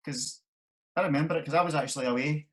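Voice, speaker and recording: A man's voice: fairly high pitch, quick pace. A man interviewing a guest in a casual chat, mostly giving brief agreeing replies.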